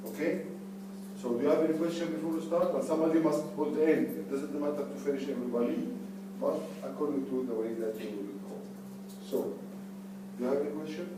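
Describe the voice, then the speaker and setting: A man's voice: fairly high pitch, quick pace. Man giving workshop instructions. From Egypt. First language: Arabic. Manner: firm, instructive, plain non-native phrasing. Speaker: theatre workshop trainer. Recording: echoey room, distant mic, background noise.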